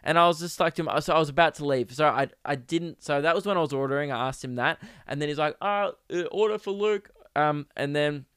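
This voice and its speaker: A young Australian man hosting a podcast, ranting comically and exasperatedly, jumping into sudden high-pitched outbursts. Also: steady tone, fast, hardly any pauses, a bit bright, clear, resonant tone, no room sound, clean studio sound. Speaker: podcast host. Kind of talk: comedic rant.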